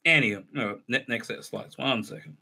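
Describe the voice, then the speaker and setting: A man's voice: mid-range voice, brisk, gravelly, sharp tone. A man reviewing a TV episode in a casual, rambling recap, mocking and sarcastic about what he watched. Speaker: show reviewer.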